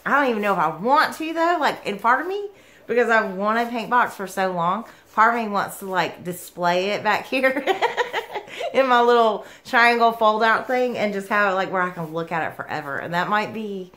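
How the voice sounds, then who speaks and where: A woman, gushing and giggling through an excited yarn unboxing vlog. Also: medium pitch. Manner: gushing, giggly, lots of "like" and "oh my goodness". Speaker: yarn vlogger.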